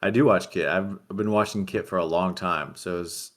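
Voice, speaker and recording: A man with a very low, deep voice answers viewer questions in a flat, deadpan way. He speaks casually into a desk mic at a home streaming setup. It sounds like relaxed livestream chat. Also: fairly quick. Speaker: livestream guest reading chat.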